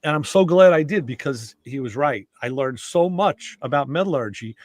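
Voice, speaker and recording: A middle-aged man hosting a casual podcast conversation, telling stories in an animated way and acting out quoted dialogue. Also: medium pitch, normal speed, no echo, clean studio sound. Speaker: show host.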